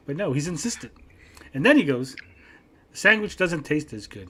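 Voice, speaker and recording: A man hosting a podcast, telling a long profane story in a casual, animated way and acting out both sides of an argument. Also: fairly high pitch, brisk, pauses often, husky. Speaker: podcast host.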